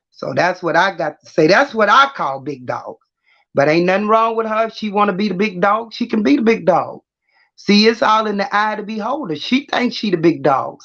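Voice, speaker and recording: A brash, trash-talking woman hosts her own livestream in her middle years, laughing as she talks. Her voice sits at a middling pitch, and the audio comes through muffled and lo-fi. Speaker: livestream host. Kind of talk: casual livestream talk.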